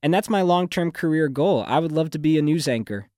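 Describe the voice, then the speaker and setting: A man's voice: a little high, lively intonation, fairly quick, a little mellow, no echo, clean studio sound. A young man, a graduating student, talking fluently in a radio interview with a newsreader-like delivery. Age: young adult. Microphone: studio microphone.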